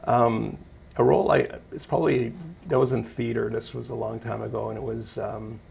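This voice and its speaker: A man's voice: medium pitch, flat delivery, moderate pace, gravelly, a little mellow, breathy edge. A man talking casually as an interview guest, rambling and self-deprecating, laughing often. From Canada. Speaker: interview guest, actor and musician.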